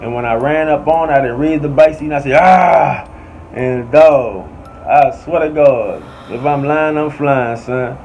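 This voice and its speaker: A podcast storyteller with a New Orleans accent tells a story casually, full of slang and constantly asking "you hear me". His mid-range voice is a little mellow at normal speed, and the slightly dull audio carries a faint air conditioning hum.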